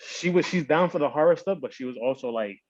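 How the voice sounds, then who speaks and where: A man's voice: on the high side, expressive, quick pace, dry recording. Tipsy podcast guy rambling on, slurs a bit, dry dull lo-fi audio. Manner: rambling, tipsy, slurring words. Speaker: podcast host. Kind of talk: casual chat. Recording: dull lo-fi sound.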